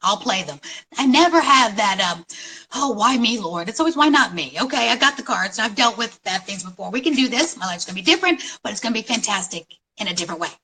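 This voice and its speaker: A middle-aged woman from New York City telling her story at a conference in an animated, storytelling way, with dramatic pauses. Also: mid-range voice, poor audio. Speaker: conference speaker. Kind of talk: inspirational talk.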